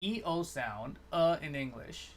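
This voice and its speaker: A man commentating a fighting game tournament on a live stream, talking fast in a rambling, jokey way and chatting to viewers. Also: on the high side, expressive, a little hiss or hum. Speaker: esports commentator.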